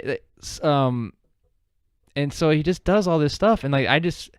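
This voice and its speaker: With a medium-pitched voice that's a bit bright, clear and resonant, this man talks at a normal speed while co-hosting a podcast. His casual chat rambles with lots of fillers and restarts, and the clean studio recording has no room sound.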